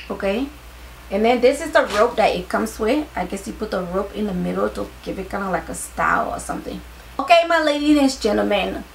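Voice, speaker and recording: A tired woman vlogger chatting casually to her viewers during a clothing haul, excitable, with her voice starting to crack. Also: mid-range voice, gravelly, slight background noise, rough recording. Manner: excitable, talks straight to viewers.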